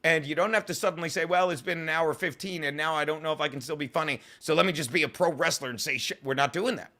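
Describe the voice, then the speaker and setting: A male comedian telling rambling, profane stories in an interview. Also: on the high side. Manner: fast, swearing, animated storytelling. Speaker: comedian guest.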